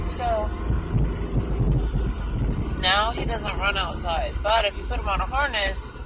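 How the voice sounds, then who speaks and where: A woman's voice: mid-range voice, a little slow, long pauses. A woman chatting casually while she drives, self-mocking and talking back to other drivers. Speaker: vlogger. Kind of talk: casual chat while driving. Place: car on the road. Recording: noisy car interior. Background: car and road noise.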